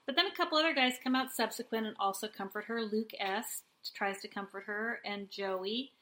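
Brief: female co-host, crisp bright tone, opinionated and teasing, chatty recap. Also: medium pitch, a little hiss or hum. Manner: opinionated, quick to tease. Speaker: podcast co-host. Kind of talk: casual recap chat.

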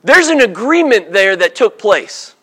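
A man's voice: sits high, very animated, a little slow, a bit bright, husky. A man preaching a sermon, humorous and storytelling, acting out little voices as he talks. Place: church.

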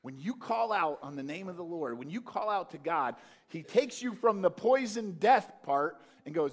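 A man preaching a sermon, animated, swinging from loud calls to quiet, earnest talk. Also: sits high, brisk. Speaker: pastor.

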